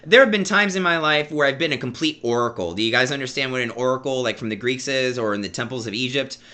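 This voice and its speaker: A man's voice: medium pitch, fast, sharp tone. A man in his thirties telling a personal story in a casual vlog, rambling, stammering and repeating words as he talks to his viewers. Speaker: vlogger.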